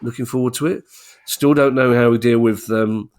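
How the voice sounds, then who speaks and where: A man's voice: medium pitch, fairly even intonation, moderate pace, a little mellow, clean tone. A man co-hosting a podcast in casual chat, chatty and jokey with frequent restarts. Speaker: podcast co-host.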